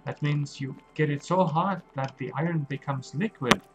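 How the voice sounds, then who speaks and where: A man's voice: a little high, poor audio. A man narrating his video game play for young children, speaking simply and asking them questions as he goes. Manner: slow, simple and questioning, talks to young viewers. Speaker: game streamer for kids. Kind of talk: gentle gameplay narration for children.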